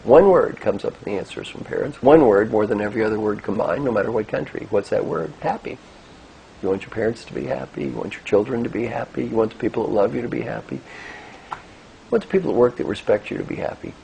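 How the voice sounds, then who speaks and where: An older man, an executive coach, gives a motivational talk, telling animated stories and gently guiding listeners through breathing. His voice is lowish, fast and creaky, and the rough recording carries a little hiss or hum.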